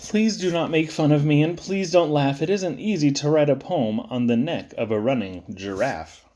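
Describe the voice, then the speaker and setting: A man giving a playful, sing-song reading of children's poems, with sudden high squeaks and low drops. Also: moderate pace, darkish tone. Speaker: poetry reader.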